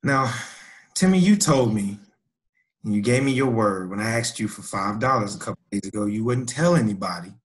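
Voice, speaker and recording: A man's voice: fairly low pitch, animated, moderate pace, natural voice. A man playing a scheming male teacher who talks his way out of things in an improvised comedy skit. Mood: stern. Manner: smooth-talking, evasive.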